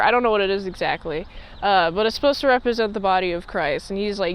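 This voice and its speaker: A woman's voice: mid-range voice, fast talker, clear, resonant tone, poor audio. A woman giving a casual, rambling episode recap, full of fillers and loose asides. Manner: rambling, filler-heavy chat. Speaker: show reviewer.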